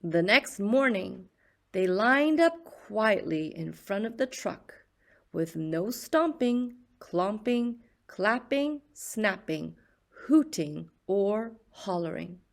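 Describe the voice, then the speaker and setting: A woman reading a children's picture book aloud in a slow, expressive storyteller's voice. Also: mid-range voice, gravelly.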